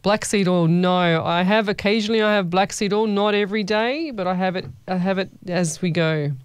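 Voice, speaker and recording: A woman with a mid-range, clear, resonant voice talks fairly quickly while hosting a casual call-in radio show. Chatty, warm-hearted and familiar, she calls her listeners "lovey," recorded on a studio microphone with no echo.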